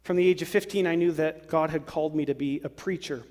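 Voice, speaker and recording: A man preaching a sermon to a congregation, lively and acting out worried voices. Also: on the high side, fast. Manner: animated, acts out worried voices. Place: church sanctuary. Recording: long hall reverb.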